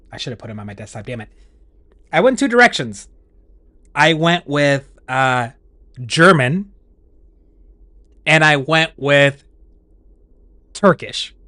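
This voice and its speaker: A man's voice: a little high, a bit bright, no echo. A man streaming and chatting casually with his viewers, rambling along with restarts and laughs.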